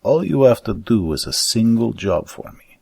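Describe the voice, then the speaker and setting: A man's voice: on the low side, very animated, moderate pace, gravelly, dark tone, breathy edge, no echo, pitched above the performer's own voice, full character voice. A man voicing a sinister fat merchant with a thick foreign accent in a storybook reading. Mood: tempting.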